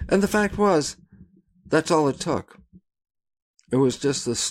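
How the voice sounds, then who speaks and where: An older man, a guest in an interview, telling lively anecdotes and acting out the voices in them. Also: high-pitched, normal speed. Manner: animated storyteller who acts out voices and laughs at his own anecdotes. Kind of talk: casual interview storytelling.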